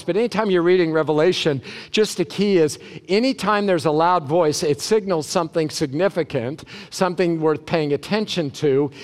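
A man preaching a sermon as a pastor, animated and emphatic, with sudden loud bursts. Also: a little high.

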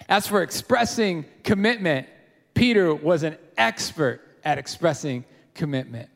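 High-voiced man preaching in a reverberant hall. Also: unhurried, gravelly. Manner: conversational, animated, with fillers and restarts. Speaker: pastor. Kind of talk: expository sermon.

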